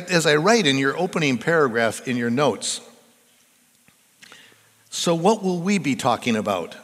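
A man's voice: a little high, a bit bright. A male pastor preaching a conversational sermon in a church, putting questions to the congregation. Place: church sanctuary. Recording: reverberant church hall.

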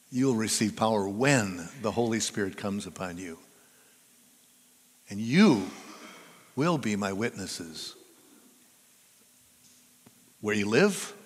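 Older male pastor, conversational sermon delivery, animated pitch, long hall reverb. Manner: conversational, chatty storytelling that draws the audience in.

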